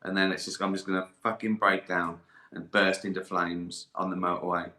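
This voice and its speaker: A man's voice: low-pitched, little pitch movement, moderate pace, sharp tone. An older man, chatting casually on a live stream, rambling, swearing and laughing often. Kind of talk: casual chat. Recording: echoey room.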